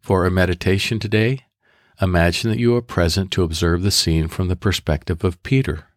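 A man with a deep, low voice leads listeners through prayer and a guided scripture meditation. He speaks in measured, deliberate steps. The recording is close and dry, with no room sound. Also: steady tone, no echo. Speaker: podcast host leading guided prayer.

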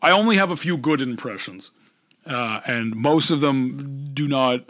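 A man's voice: medium pitch, lively intonation, unhurried, a bit bright, no room sound. Reflective, rambling man in dry close-up. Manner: reflective and rambling, with frequent restarts. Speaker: guest, voice actor and storyteller. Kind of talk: casual interview chat. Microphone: close podcast microphone.

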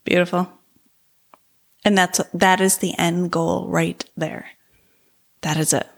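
A woman's voice: fairly low pitch, slow pace, gravelly. Chatty woman podcast co-host. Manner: animated, laughs often, lively storyteller. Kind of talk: casual chat.

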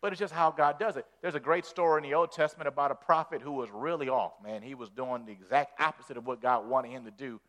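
A man preaching a sermon as pastor, animated and folksy, repeating words as he builds. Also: mid-range voice, quick pace, few pauses.

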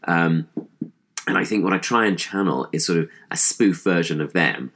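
Posh english guy, low voice, kinda hesitant, lots of ums, chatting about comedy stuff. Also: moderate pace, fairly bright tone, husky. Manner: hesitant, thoughtful, many fillers and restarts. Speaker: comedian, interview guest. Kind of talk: casual interview chat.

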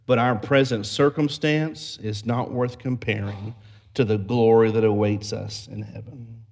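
A pastor with a mid-range voice and vocal fry preaches a sermon. He builds emphasis through storytelling and repeated phrases that rise in intensity.

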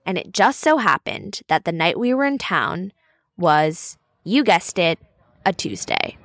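A woman's voice: on the low side, big pitch swings, a little slow, fairly bright tone, a little hiss or hum. A woman narrating a podcast episode in a conversational, scripted storytelling style.

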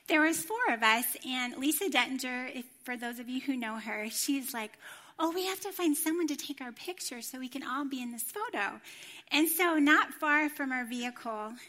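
Middle-aged lady preaching at church, high clear voice, tells her story all animated. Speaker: former children's ministry director, church speaker. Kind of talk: sermon with personal story.

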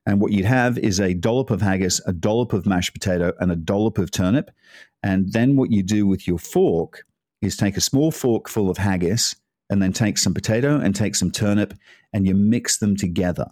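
A Scottish man presents a casual, chatty cooking talk, rambling into asides and laughing as he goes. His voice is on the low side and a little mellow at normal speed, with a dry, clean studio sound.

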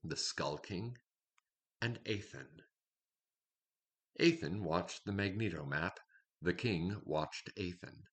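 A man in steady, measured scripted fiction narration. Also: sits low, husky. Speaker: storyteller.

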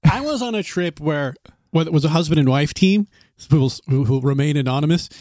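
A man casually telling a rambling, animated story on a podcast, full of restarts and laughter. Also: a little high, a little fast, no echo, clean studio sound. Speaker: podcast co-host telling trail stories. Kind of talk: casual chat.

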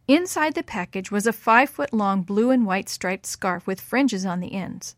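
Lady reading a kids story, gentle clear voice, dry close mic. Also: medium pitch, lively intonation, normal speed, few pauses, no echo. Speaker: storyteller for children. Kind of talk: reading a story aloud to children.

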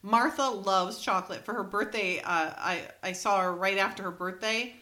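A woman's voice: mid-range voice, normal speed, sharp tone. A middle-aged woman co-hosting a casual chat, recapping scenes with frequent laughs and acted-out lines. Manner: laughs often, acts out quoted lines. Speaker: podcast co-host.

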